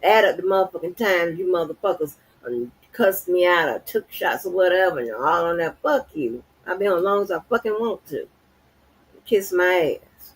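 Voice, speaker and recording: Woman, husky and lively, profane confrontational stream rant. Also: lowish voice, normal speed, rough recording. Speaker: livestream host. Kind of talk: angry unscripted rant.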